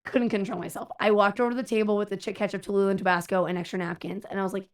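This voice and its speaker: A young adult woman streamer telling a story in casual chat, animated and exasperated, acting out the people she quotes. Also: medium pitch, rapid-fire.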